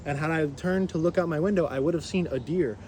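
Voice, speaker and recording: Brief: man, fairly high voice, lively casual storyteller, faint outdoor noise. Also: fast talker. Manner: animated, with many fillers and restarts. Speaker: rideshare driver and musician.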